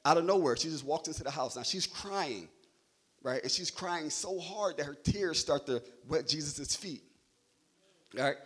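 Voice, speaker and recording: Husky young man preaching with jokes. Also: a little high, fairly bright tone. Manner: conversational, jokey preaching with frequent "right?" checks. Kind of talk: sermon.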